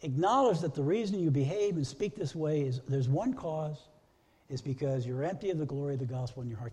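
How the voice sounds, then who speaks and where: A man's voice: a little high, a little fast, a little mellow, slightly rough. A middle-aged man preaching a sermon as pastor, earnest, stacking repeated phrases into lists.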